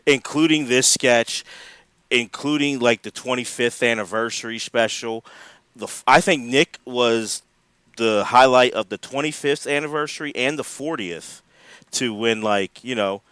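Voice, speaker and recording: A man co-hosting a podcast in casual chat, animated, laughing often and acting out quotes. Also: mid-range voice, unhurried, clean tone, dry recording. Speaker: podcast co-host.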